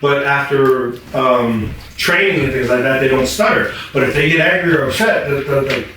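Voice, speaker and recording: A man, a guest actor on a podcast, telling anecdotes in a casual, animated way and leaning often on "you know". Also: medium pitch, normal speed, slight background noise.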